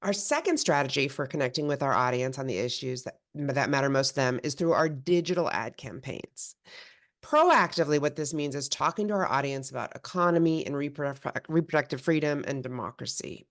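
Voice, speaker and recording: A woman presenting her organization's work in a steady, explanatory way, with small restarts. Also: a bass voice, brisk. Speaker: presenter of an advocacy group. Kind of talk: prepared presentation.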